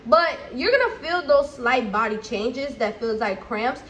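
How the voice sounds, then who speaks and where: A young pregnant woman talks straight to her camera at home in a higher voice. She is candid and chatty, with lively animated asides, and a faint hiss of noise sits under her voice. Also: a little slow. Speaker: vlogger. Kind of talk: casual chat to camera.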